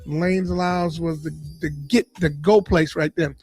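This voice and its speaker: A man, a comedian and radio personality, telling stories from his life in an animated interview style and acting out the voices of people in them. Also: on the high side, measured pace, faint music behind. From Boston area. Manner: animated storyteller, acts out quoted voices. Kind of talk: storytelling interview. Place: podcast studio.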